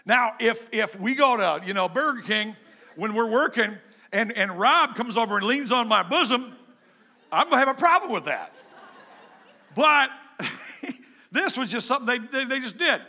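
A pastor preaching a sermon in a joking, conversational way, swinging between loud and soft. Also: male voice, extremely high pitch, expressive, normal speed.

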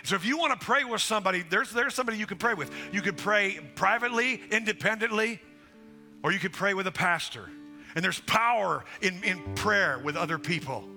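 Male pastor, direct, exhorting sermon delivery; sharp, bright tone over soft music. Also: high-pitched, brisk. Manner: direct, exhorting, quotes scripture. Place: church sanctuary. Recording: music under the voice. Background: band playing softly.

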